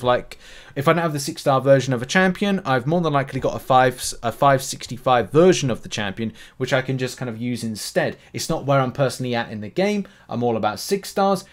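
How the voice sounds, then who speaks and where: Male gaming creator, mid-pitched, loose rambling delivery, brief: video commentary. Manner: rambling, many fillers and restarts. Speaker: gaming YouTuber. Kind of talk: casual commentary on a mobile game.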